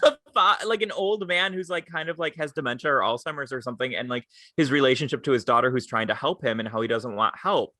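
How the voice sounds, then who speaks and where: Young male podcast co-host, animated storyteller who does voices for people he quotes, bright tone, dry close mic. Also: mid-range voice, fast, few pauses, no echo. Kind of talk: casual chat.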